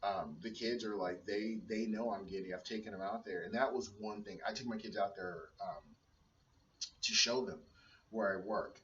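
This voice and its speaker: An earnest man in his thirties rambles through a personal video blog, restarting his sentences often. His voice sits a little low and sounds set back from the mic. The room echoes and the sound is dull, with faint noise behind him. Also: fairly even intonation, moderate pace, fairly bright tone. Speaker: personal trainer and stay-at-home dad. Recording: roomy, dull sound from a distance.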